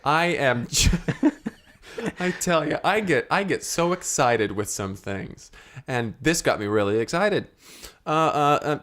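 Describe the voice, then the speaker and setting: A man co-hosting an improvised comedy podcast, talking in a flustered, apologetic, rambling way that jumps up suddenly in pitch. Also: a bit bright. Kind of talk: improvised comedy chat in character.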